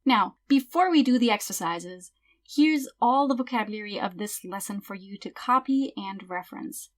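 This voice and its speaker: A woman teaching a language lesson, saying example words slowly and carefully, and often trailing off quietly at the end of phrases. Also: medium pitch, lively intonation. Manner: slow careful word-by-word example pronunciation. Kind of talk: explanatory tutorial.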